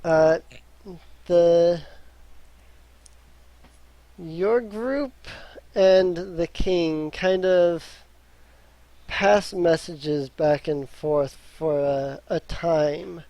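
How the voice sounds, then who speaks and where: A man running a tabletop game as dungeon master, narrating haltingly with many fillers. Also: fairly high pitch, fairly even intonation, mellow, dry recording, dull audio.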